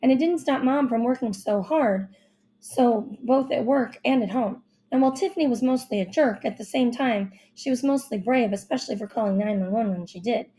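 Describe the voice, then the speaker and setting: A woman reading a first-person children's novel aloud with expressive, youthful storytelling. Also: a little high, normal speed. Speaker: audiobook narrator.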